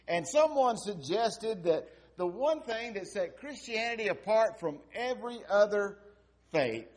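A man preaching a sermon with dramatic storytelling, swinging between loud exclamations and hushed passages. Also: high voice, breathy edge. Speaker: pastor.

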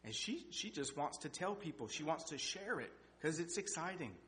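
A middle-aged man preaching a sermon with personal testimony, folksy and animated, his voice rising for emphasis. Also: normal speed. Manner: folksy, animated, climbs in pitch and loudness for emphasis. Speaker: lay preacher. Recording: echoey hall with faint hum.

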